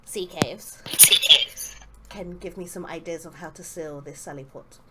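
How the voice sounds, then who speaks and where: A woman's voice: sits low, fairly even intonation, a little fast, heavy background noise. A woman playing a tabletop game online, chatty and full of questions. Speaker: player. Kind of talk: casual game chat.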